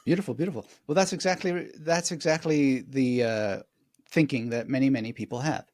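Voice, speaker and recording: A man speaking as a guest memory expert in a conversational interview, animated and digressive, often laughing as he explains. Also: medium pitch, a little fast, no echo, clean studio sound.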